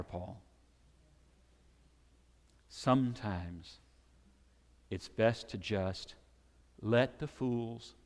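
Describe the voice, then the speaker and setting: A man preaching a sermon, animated and conversational, sometimes acting out the shouting crowds he describes. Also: lowish voice. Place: church sanctuary. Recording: long hall reverb.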